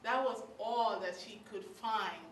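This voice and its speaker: A woman with a Guyanese accent telling a childhood story live to an audience, lively and acting out the scenes. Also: mid-range voice, measured pace, a little hiss or hum. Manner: animated, acts out scenes, laughs. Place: hall at a story circle. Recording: roomy hall, mic far off.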